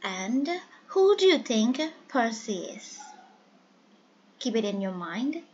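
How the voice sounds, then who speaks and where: A woman teaching an English listening lesson, speaking slowly and carefully and repeating key words. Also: a little high, very animated, a little mellow. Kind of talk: slow classroom explanation. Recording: dull lo-fi sound with faint hiss.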